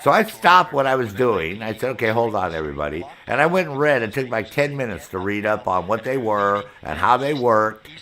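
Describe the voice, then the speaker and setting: Talking a little fast with few pauses, a man with a fairly low voice streams a game and vents to his chat about a clan member. He swears constantly while animatedly quoting the back-and-forth from both sides.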